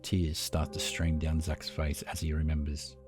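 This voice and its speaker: A man narrating a horror story script in a steady, measured way. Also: extremely low pitch, music in the background.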